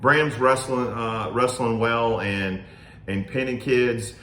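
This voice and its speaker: A man in his thirties co-hosting a family podcast and coaching youth wrestling, telling stories in a steady, earnest way. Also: mid-range voice, takes it slowly, roomy sound. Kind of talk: casual chat.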